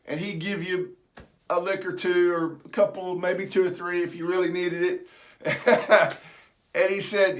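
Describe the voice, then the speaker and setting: A man's voice: high voice, normal speed, fairly bright tone. A middle-aged man, telling a personal story in a folksy, self-deprecating way. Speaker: vlogger.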